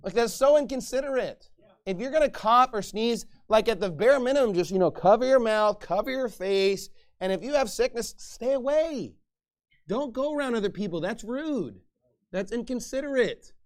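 Speaking at normal speed in an extremely high voice, a middle-aged man preaches as pastor. His delivery is animated and chatty, with occasional laughter and performed voices for the people he quotes.

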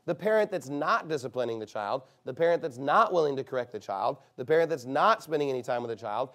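A man preaching a sermon, moving between quiet, low passages and loud, emphatic ones and slowing down to stress key phrases. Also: animated.

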